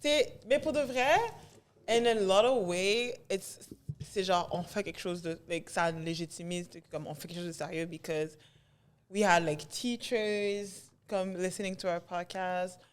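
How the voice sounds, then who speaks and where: A woman with a somewhat low voice answers a question on a podcast. She thinks aloud and moves between French and English as she works out her answer. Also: steady tone, normal speed. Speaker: podcast guest. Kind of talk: casual chat.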